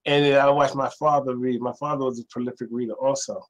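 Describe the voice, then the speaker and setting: A man, a librarian telling stories as a guest in a casual interview, animated and acting out other people's voices. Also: mid-range voice, fast, poor audio. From New York City. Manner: animated storyteller, acts out quoted voices.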